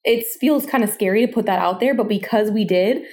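Female podcast co-host, middle pitch, enthusiastic and casual. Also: fairly quick, darkish tone. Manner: enthusiastic storyteller, gushing. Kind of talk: casual motivational podcast chat.

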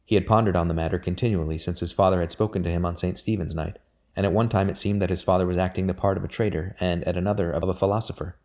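Male audiobook reader, deep and mellow, measured delivery. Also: fairly even intonation. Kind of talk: audiobook narration of a historical novel.

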